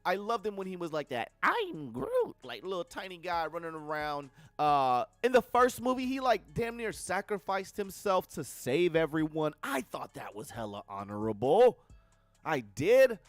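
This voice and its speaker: A young man with a slightly high voice rants through a casual movie review, blunt and profane, throwing in slangy asides. His voice is close and dry, with faint music underneath. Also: sing-song, normal speed, dry recording. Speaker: film reviewer on livestream.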